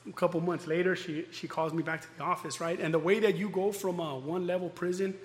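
A man's voice: high voice, fairly even intonation, fast talker. A middle-aged man telling his own story in a candid, rambling way, swearing often and restarting his sentences. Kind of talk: personal storytelling. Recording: faint noise with long reverb.

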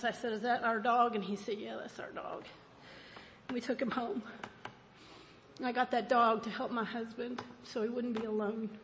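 A woman tells a personal story at a recovery meeting, animated and quick to laugh at herself. Her voice sits high. A long hall reverb trails each phrase over a faint background hum. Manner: animated, self-mocking, laughs often.

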